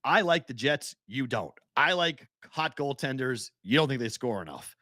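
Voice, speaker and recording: A man co-hosting a sports betting podcast in casual chat, animated and laughing as he retells games. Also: mid-range voice, normal speed, no echo, clean studio sound.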